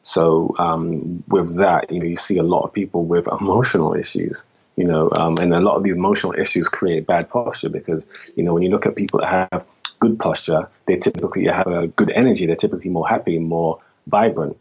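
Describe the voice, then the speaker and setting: A man's voice: low-pitched, fairly even intonation, a little fast, breathy edge, lo-fi sound. A man who works as a holistic health practitioner, explaining his views as a guest in a podcast interview and often saying "you know".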